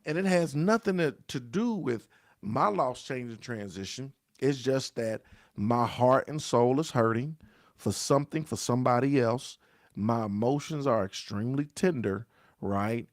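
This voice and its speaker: A man's voice: medium pitch, creaky, dry recording, clean studio sound. A man, a pastor, giving a daily grief devotional in an earnest, conversational way, often repeating key phrases and calling his listeners y'all.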